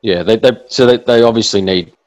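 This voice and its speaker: A man's voice: lowish voice, fairly quick, a little mellow, dry recording. A man hosting a casual podcast chat over a call, rambling with many restarts and fillers. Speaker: podcast host. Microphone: video call.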